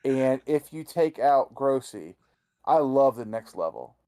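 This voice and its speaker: A man's voice: medium pitch, big pitch swings, a little slow, warm tone, clean tone. A man co-hosting a sports podcast, giving blunt opinions in casual chat with many "you know" fillers. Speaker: podcast co-host.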